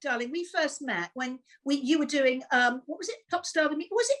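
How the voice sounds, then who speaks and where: A woman's voice: high voice, fairly quick, a bit bright. A woman hosting a casual chat, gushing and affectionate, calling her guest darling. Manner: gushing, calls people darling. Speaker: host.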